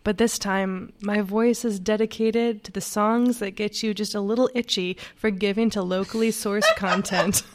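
A woman's voice: mid-range voice, steady tone, normal speed, hardly any pauses, a little hiss or hum. A woman hosting a community radio fund drive, bantering playfully and laughing often.

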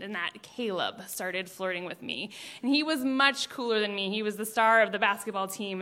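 Bright young woman telling a story on stage. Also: fairly high pitch. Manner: animated, self-mocking, often laughing. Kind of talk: live story slam telling. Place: stage before a live audience.

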